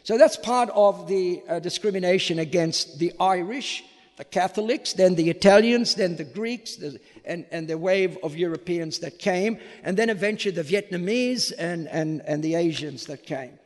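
A man's voice: sits high, normal speed, big-room sound. A middle-aged man, a priest, giving an emphatic lecture and putting rhetorical questions to the audience. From Australia.

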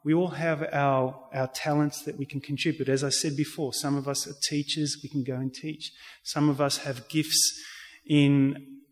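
A man's voice: on the high side, flat delivery, normal speed, hardly any pauses. A man, speaking as an interview guest and telling an earnest personal faith story, with frequent restarts. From Australia. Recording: reverberant hall sound.

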